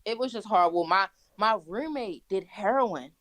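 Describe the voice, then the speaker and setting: A woman's voice: medium pitch, expressive, normal speed, a bit bright. A young woman telling wild stories in casual, profane chat, laughing as she goes. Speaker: guest. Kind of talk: casual storytelling.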